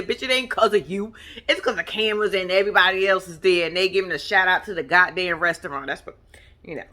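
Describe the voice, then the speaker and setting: Brief: lively woman vlogger, casual profane recap with lots of laughs, sharp bright tone. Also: medium pitch, brisk. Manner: animated, profane, laughing commentary. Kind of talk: casual chat.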